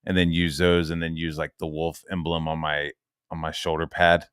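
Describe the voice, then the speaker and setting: A man hosting a casual, profanity-heavy chat about a video game, animated and acting out quoted voices. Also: very deep voice, moderate pace, clean tone, no echo, clean studio sound. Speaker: host.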